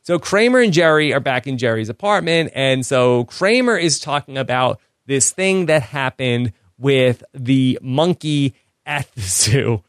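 A man hosting a podcast in easy, relaxed chat, with a mid-range voice and frequent laughs. The recording is close and dry. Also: mid-range voice, a little slow, dry recording. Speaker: podcast host. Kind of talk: casual chat, recapping episodes.

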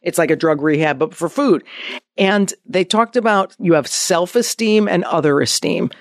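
A woman's voice: fairly low pitch, moderate pace, no room sound, studio quality. A woman in her fifties hosting a casual chat as a life coach, blunt and teasing. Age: 50s. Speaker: podcast host and life coach.

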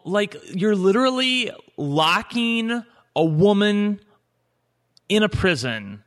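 Bright-voiced man giving frank opinions. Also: high voice, big pitch swings, slow. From Indiana, USA. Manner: candid, opinionated, trails off and restarts. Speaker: podcast co-host. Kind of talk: casual chat.

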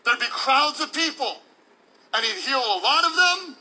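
A man preaches a sermon in a voice pitched unusually high for a man. His tone is bright and forceful. He delivers it emphatically, with playful demonstrations for the congregation. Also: expressive, normal speed, poor audio. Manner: emphatic, playful preacher who acts out examples. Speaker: pastor.

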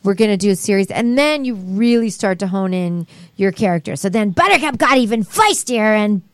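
A woman voice actress chatting casually as a guest, telling animated stories and acting out the exchanges she quotes. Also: medium pitch, fairly quick, dry recording. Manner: animated storyteller who acts out quoted exchanges. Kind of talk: casual chat.

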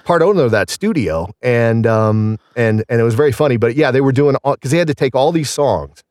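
A man's voice: mid-range voice, animated, fairly quick, a little mellow, no echo, clean studio sound. A man in his thirties or forties, a singer and voice actor, chatting casually and telling rambling, self-deprecating stories. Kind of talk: casual podcast chat.

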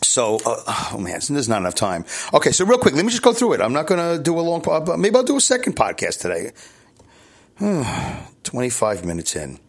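A man's voice: fairly high pitch, wildly swooping pitch, brisk, creaky. A middle-aged man from Brooklyn, hosting a podcast alone in a loose, candid ramble, chuckling and correcting himself as he goes. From New York City, Brooklyn. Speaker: podcast host. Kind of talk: casual solo podcast monologue.

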